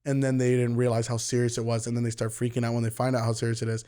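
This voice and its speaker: A young man co-hosting a podcast, jumping in with quick supportive remarks in casual chat. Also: mid-range voice, completely flat delivery, dark tone, clear, resonant tone. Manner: chimes in quickly, supportive interjections. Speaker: podcast co-host.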